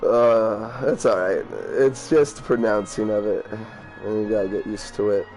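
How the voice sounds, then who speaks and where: A man's voice: lowish voice, steady tone, unhurried, a little mellow, faint music behind. A man casually commenting on a game he plays, reading its lines aloud, rambling, swearing and stumbling over hard words. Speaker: let's play gamer.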